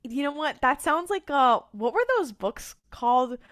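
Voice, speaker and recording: A woman's voice: high-pitched, lively intonation, a little slow, a bit bright. Chatty woman podcast co-host. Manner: rambling, filler-heavy, laughs often. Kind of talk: casual TV recap chat.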